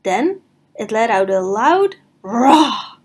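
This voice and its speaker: A woman narrating a picture book aloud for preschoolers in a slow, sing-song manner. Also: fairly high pitch, sing-song, darkish tone, breathy edge. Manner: slow, sing-song reading for small children. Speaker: storybook reader. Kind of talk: children's read-aloud narration.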